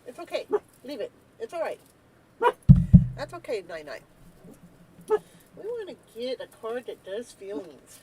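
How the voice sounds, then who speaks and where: A woman hosting a live tarot reading stream, chatting casually, joking and breaking into whooping cheers, then dropping to soft murmurs. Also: on the high side, very animated, measured pace, long pauses, noisy background. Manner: talks softly while eating, then bursts out loud. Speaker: live tarot reader and show host.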